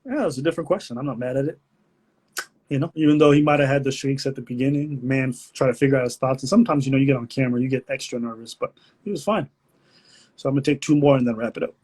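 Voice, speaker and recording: A man hosting a casual live-stream Q&A, talking in a relaxed, thoughtful way. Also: mid-range voice, racing, slightly rough. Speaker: livestream host.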